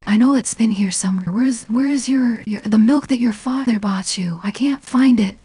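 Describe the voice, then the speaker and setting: Breathy, hushed woman telling stories. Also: fairly high pitch, normal speed, no room sound. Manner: rambling, many fillers and restarts; swears freely. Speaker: streamer. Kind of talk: casual storytelling chat.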